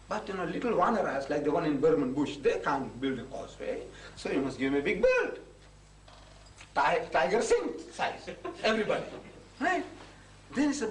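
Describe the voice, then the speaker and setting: Man, high and lively voice, lecture, echoing hall, mic far off. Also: brisk, slight background noise. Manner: animated anecdotal storytelling with mimicked dialogue. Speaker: Islamic preacher and lecturer. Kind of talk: storytelling public lecture. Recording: roomy hall recording from far off.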